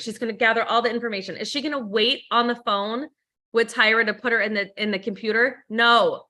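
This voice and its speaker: A woman's voice: medium pitch, quick pace, pushed and bright. A woman leading a sales training over a video call, upbeat and coaching, often acting out sample phone calls. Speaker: team leader and trainer.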